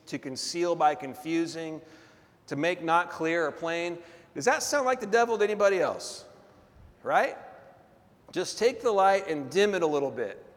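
A male pastor preaching a sermon with call-and-response and drawn-out emphatic phrases, in a large church hall. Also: a little high. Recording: long reverb of a big hall.

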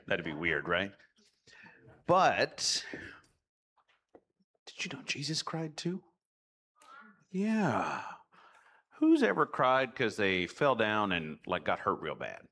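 A man with a low voice that swoops up and down as he tells children a story. He speaks slowly and playfully. His delivery suits a children's message in church. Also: bright, forceful tone. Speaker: children's director.

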